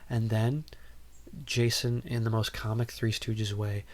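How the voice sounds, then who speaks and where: A male podcast host with a somewhat low voice, talking through a movie plot in a loose, casual way. He rambles, fills gaps with ums, and drops in dry, amused asides. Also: little pitch movement, measured pace, darkish tone. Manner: rambling, frequent ums, wry.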